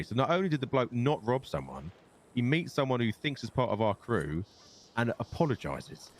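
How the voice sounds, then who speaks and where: A man's voice: mid-range voice, sing-song, fairly quick. A young man with a London accent, telling a long story in character and swearing often. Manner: swears a lot, rambling storyteller. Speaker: gang leader in roleplay. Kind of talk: in-character roleplay chat.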